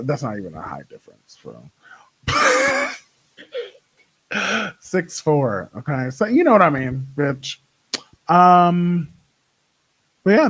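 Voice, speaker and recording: A young man hosting his own show, chatting casually with a sassy, profane, animated way of telling stories. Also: medium pitch, no echo, rough recording. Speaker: podcast host. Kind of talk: casual solo chat.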